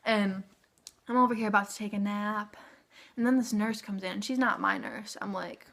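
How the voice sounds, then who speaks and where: Young woman vlogger, bright tone, casual filler-heavy storytelling. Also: medium pitch, moderate pace, gravelly. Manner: chatty, filler-heavy "like", animated retelling.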